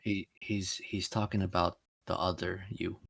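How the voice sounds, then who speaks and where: Hesitant low-voiced man at a game table. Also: flat delivery, measured pace, gravelly, a bit bright. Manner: hesitant, repeats words. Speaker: player. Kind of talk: casual tabletop game chat.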